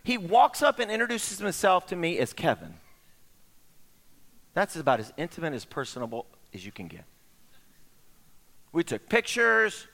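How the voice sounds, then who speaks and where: A middle-aged man preaching a sermon as pastor, telling stories in an animated way and acting out the voices of the people in them. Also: fairly high pitch, normal speed, creaky, long pauses. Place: church sanctuary. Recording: long hall reverb.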